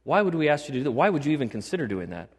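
This pastor's voice sits on the high side, sing-song and slightly rough, and he talks very fast. Preaching in a church sanctuary with a large hall's long reverb, he is emphatic, repeating key phrases and putting questions to the congregation.

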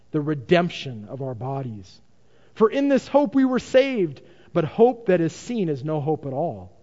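Lively high-voiced preaching man. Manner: emphatic preaching with rhetorical questions. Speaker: pastor. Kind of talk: sermon. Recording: dull lo-fi recording in a reverberant hall.

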